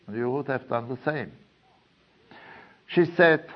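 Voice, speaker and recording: A man giving a lecture in a slow, deliberate way, pausing often with fillers. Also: medium pitch. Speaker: teacher of a study course. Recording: dull lo-fi recording.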